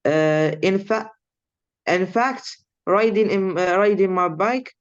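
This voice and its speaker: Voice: medium pitch, clean tone, highs cut off. Hesitant young learner reading aloud. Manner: halting, many fillers and restarts. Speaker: student.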